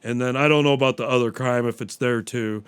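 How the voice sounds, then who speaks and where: A man's voice: mid-range voice, fairly even intonation, brisk, smooth, no echo. Rambling, profane man on a dry close mic. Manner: rambling, profane, acts out quotes. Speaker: podcast host. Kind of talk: casual solo movie talk.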